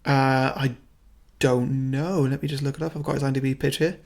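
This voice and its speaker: A man co-hosting a podcast and chatting in a relaxed way, with lots of fillers as he reads through his script. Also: mid-range voice, brisk, gravelly. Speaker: podcast co-host reading his fan script. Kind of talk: casual podcast chat.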